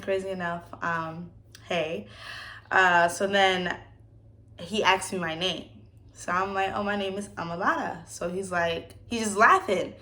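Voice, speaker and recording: A woman's voice: medium pitch, moderate pace, sharp tone. A woman in her twenties from the United States, hosting a casual Q&A vlog and telling stories animatedly, acting out the voices of the people she quotes and laughing often. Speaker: vlogger.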